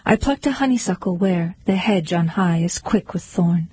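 A woman reciting poems aloud in a rhythmic, measured way. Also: fairly low pitch, lively intonation, a little mellow, breathy edge, rough recording. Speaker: poetry reader. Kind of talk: recited poetry reading.

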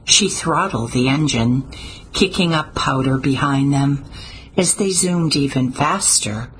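A woman narrating a story in a steady, measured way, with small slips now and then. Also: a bass voice, a little hiss or hum, poor audio. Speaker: audiobook narrator. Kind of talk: scripted narration.

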